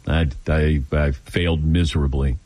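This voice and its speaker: A man's voice: very deep voice, measured pace, no echo. An older man hosting a call-in radio show, telling stories and acting out quoted voices in casual chat. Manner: animated storytelling, acts out quoted voices. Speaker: radio talk show host.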